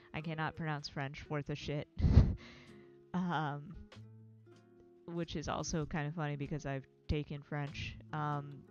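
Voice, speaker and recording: A woman's voice: low-pitched, a little mellow, highs cut off. An American woman hosting a livestream, chatting casually in a rambling, self-deprecating way, swearing freely and laughing often. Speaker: livestream host.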